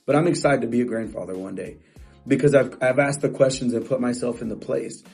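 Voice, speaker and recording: A man's voice: mid-range voice, a little fast, creaky, a little mellow, slightly rough, faint music behind. A middle-aged man coaching real estate agents in a motivational talk, emphatic and repetitive, often restarting phrases.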